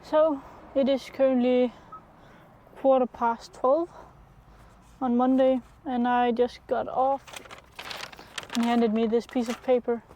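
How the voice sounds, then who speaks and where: A woman's voice: fairly high pitch, flat delivery, slow, warm tone. A young woman from Denmark talking casually to camera in a vlog, hesitant with many fillers, sometimes dropping to a half-whisper. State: sick, in bed. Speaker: vlogger.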